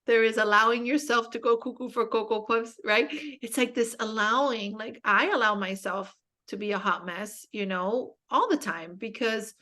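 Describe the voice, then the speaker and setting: A woman's voice: on the high side, normal speed, bright, forceful tone. A young woman speaking as a guest in a casual spiritual conversation, telling stories candidly with self-mocking humor and many fillers.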